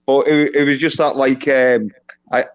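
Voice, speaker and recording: An English man chatting on a live stream, his talk halting and full of fillers as he circles back to his point. His voice sits at an ordinary middle pitch. It comes through a dull, lo-fi mic that dulls the top end. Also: little pitch movement, clean tone. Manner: hesitant, rambling with many fillers. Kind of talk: casual chat.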